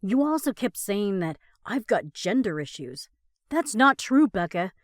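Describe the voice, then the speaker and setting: A woman voicing a hot-tempered young man who barks and yells in frustration. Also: medium pitch, very animated, measured pace, no room sound, studio quality. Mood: furious. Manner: cross, barking, yelling.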